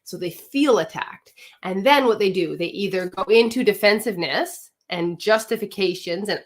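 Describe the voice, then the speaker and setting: Woman coach, mid-pitched, direct and emphatic, live talk to women, throws questions at the audience. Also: moderate pace, hardly any pauses. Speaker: marriage coach.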